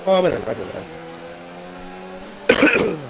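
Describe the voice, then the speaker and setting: A man's voice: fairly high pitch, sing-song, a little slow, vocal fry, over loud music. A man commentating live on a sim race with a strained, fading voice and frequent startled exclamations. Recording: noisy stream audio with engine sound.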